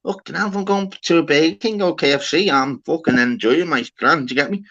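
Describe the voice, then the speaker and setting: A man hosting a livestream, telling an animated story in casual chat, swearing often and calling people lad and mate. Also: fairly high pitch, a little fast. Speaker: livestream host. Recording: dull lo-fi sound.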